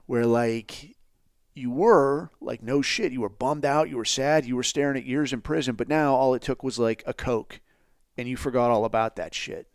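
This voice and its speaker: A man's voice: medium pitch, normal speed, dry recording, studio quality. A man hosting a podcast, ranting bluntly and sarcastically with constant swearing. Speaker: podcast host. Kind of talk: profane ranting commentary.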